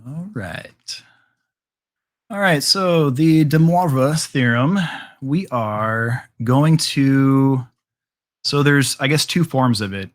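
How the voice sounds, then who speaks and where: A man with a mid-range voice teaches a math class very slowly. He walks through the steps casually, leaning on fillers like um and all right and often restarting his sentences.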